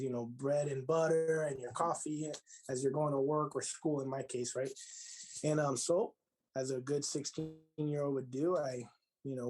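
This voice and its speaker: Animated man telling stories on a podcast. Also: medium pitch, rough recording. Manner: animated, frequent "right?" asides, mixes in Spanish phrases. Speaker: podcast guest, lodge master. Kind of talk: casual storytelling interview.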